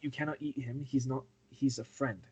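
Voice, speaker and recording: A man's voice: medium pitch, steady tone, normal speed, heavy background noise. Man patiently coaxing in a tabletop game. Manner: patient, coaxing, talks as if to a child. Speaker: player. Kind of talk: casual tabletop game chat and in-character talk.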